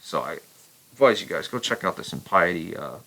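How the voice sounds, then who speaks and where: Male vlogger with a low, gravelly voice, profane and rambling. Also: animated, brisk, pushed and bright, low-quality recording. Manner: profane, rambling, enthusiastic, many restarts. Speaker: metal vlogger and vocalist. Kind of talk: casual record review chat.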